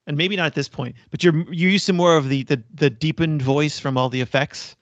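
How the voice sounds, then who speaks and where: A man talks casually on a podcast, working through his thoughts with many restarts. His voice sits a bit high for a man. The recording is dry and slightly dull, with no room sound. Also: steady tone, fairly quick, dry recording. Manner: explanatory, frequent restarts. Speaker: podcast co-host. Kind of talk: casual chat.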